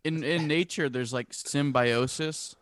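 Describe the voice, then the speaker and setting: A man chatting casually on a podcast, wry and joking with quick asides. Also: a little high, fairly bright tone, dry recording, clean studio sound. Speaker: podcast co-host. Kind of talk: casual chat.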